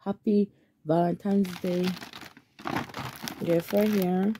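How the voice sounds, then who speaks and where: This woman vlogger talks casually while making a gift, getting frustrated quickly and swearing often. Her voice is fairly low and steady, with a slow pace, and faint background noise runs through the clip.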